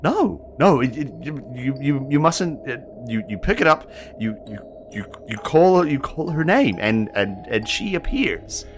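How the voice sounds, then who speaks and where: A man's voice: lowish voice, brisk, few pauses, faint music behind, lightly acted. A man voicing a frightened female seer whose breath is ragged, stammering through panicked pleas.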